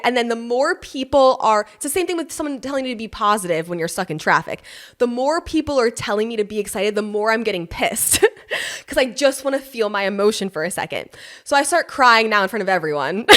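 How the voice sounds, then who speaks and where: A pregnant young woman hosting a podcast, telling a personal story in a casual, animated way, laughing often and swearing freely. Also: a little high, a little fast. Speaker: podcast host.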